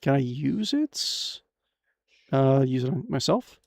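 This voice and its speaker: Here a young man with a medium-pitched voice and vocal fry speaks slowly, recorded dry and at studio quality. He's streaming a fantasy adventure game, reading the text aloud with crude jokes, and his casual commentary is excitable and playful.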